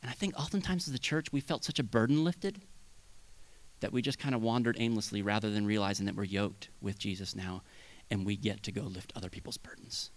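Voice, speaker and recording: A man preaching a sermon as pastor, swinging between loud bursts and hushed asides. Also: on the low side, fairly quick.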